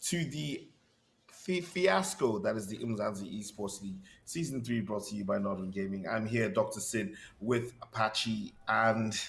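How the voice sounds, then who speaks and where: A man casting an esports league broadcast, energetic and upbeat, reading out standings and laughing easily between lines. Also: on the low side, a little slow, gravelly, slight background noise. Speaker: esports caster.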